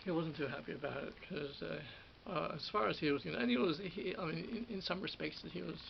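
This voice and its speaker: A middle-aged man with an Australian accent, reminiscing about his time as a radio studio producer in a halting way, with many restarts and repeated words. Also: a little high, creaky, lo-fi sound, a little hiss or hum. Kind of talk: rambling personal reminiscence.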